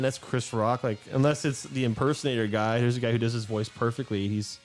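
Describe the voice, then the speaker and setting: A young man chatting casually while he plays a game, his voice at an ordinary middle pitch. He rambles and lets thoughts trail off, with faint music under him. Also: fairly even intonation, fairly quick, few pauses. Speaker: co-host playing a video game. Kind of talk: casual chat while gaming.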